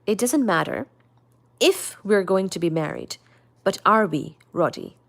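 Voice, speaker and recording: A woman voicing a composed but hurt young woman in a novel read aloud, quiet and restrained. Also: mid-range voice, animated, a little slow, vocal fry.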